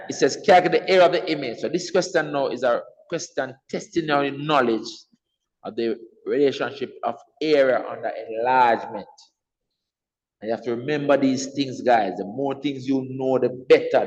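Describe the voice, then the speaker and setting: A man's voice: a little high, long reverb tail, poor audio. A man teaching an exam revision math lesson, patiently repeating key points and checking in with his class.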